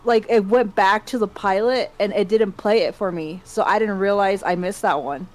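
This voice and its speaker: A woman co-hosting a casual podcast, talking in an energetic and emphatic way. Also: medium pitch, normal speed. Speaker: podcast co-host.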